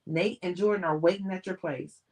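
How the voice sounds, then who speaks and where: A woman reading a novel aloud voices a frantic female publicist who speaks breathlessly and urgently, straining to stay calm. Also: lowish voice, brisk, close to an everyday voice. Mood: forced calm. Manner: breathless, pleading, then forced calm.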